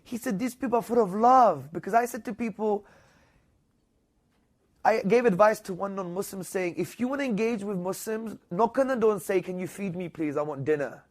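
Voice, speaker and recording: A man with a British accent, a guest in an interview, telling a story with lively energy and rising, loud bursts when he quotes people. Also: high-pitched, moderate pace.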